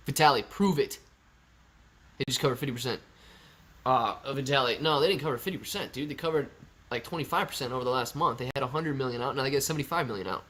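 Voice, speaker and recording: A man's voice: mid-range voice, expressive, very fast, fairly bright tone. A young man hosting a live stream, reading viewer comments aloud and answering in a chatty, laid-back way. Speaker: livestream host reading chat. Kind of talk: casual live stream chat.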